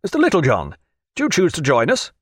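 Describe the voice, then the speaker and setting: A man's voice: fairly high pitch, wildly swooping pitch, fast, a bit bright, breathy edge, no echo, clean studio sound, pitched above the performer's own voice, heavily acted. A man voicing a reserved, weary naval captain who speaks formally and courteously, in an audiobook reading.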